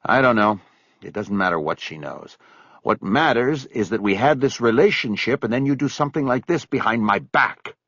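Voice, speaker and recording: A man voicing a middle-aged man who talks in a curt, forceful way, close to his own low voice. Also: lively intonation, normal speed, dry recording, muffled recording. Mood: angry. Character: angry, clipped middle-aged man holding back rage.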